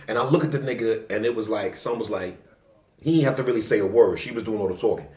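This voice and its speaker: A man's voice: lowish voice, quick pace. A young man, casually telling a personal story in loose, profane street talk. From Staten Island, New York. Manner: loose, profane street talk, acting out his own past lines louder. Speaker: vlogger. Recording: roomy, distant from the mic.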